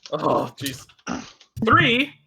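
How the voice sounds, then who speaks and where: A young man playing in a tabletop game, excitable and tripping over repeated words as he describes his moves. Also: very high voice, drawn-out words, gravelly, a crowd in the background. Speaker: player. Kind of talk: casual chat during a tabletop game.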